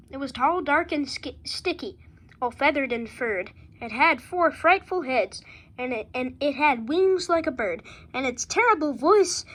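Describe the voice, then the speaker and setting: A woman reading a rhyming picture book aloud with a steady rhythm. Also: sits high. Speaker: reader.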